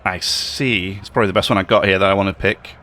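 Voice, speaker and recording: A man's voice: deep voice, fairly even intonation, fast talker, noisy background. A man giving casual gameplay commentary, thinking aloud with fillers and stumbles. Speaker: let's play gamer.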